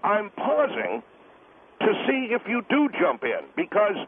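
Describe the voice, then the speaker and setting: A pompous, insistent taxpayer crusader, put on by a man, lectures down a tinny phone line in a fairly high voice. He plows on, refusing any interruption, with a faint hiss behind him. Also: lively intonation, moderate pace. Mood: lecturing. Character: pompous middle-aged male taxpayer advocate. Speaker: caller guest.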